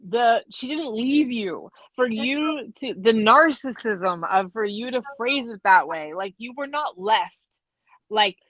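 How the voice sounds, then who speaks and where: A woman's voice: on the high side, fairly bright tone, no room sound, dull audio. A woman guest on a live show, indignantly picking apart a reality TV scene in casual chat, with lots of "like". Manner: indignant, fast-talking, lots of "like".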